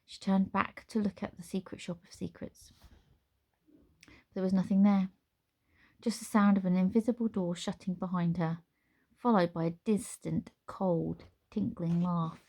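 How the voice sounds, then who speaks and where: A woman reading a children's storybook aloud as narrator, with measured, expressive storytelling. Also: fairly low pitch.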